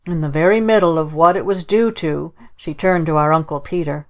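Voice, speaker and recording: Low-voiced woman narrating a storybook. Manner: measured storytelling. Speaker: audiobook narrator. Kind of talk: scripted narration.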